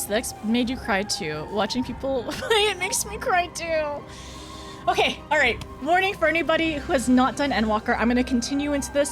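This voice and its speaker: A young woman streaming a game, chatting casually with her viewers, flustered and often laughing. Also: fairly high pitch. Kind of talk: casual live-stream chat while gaming.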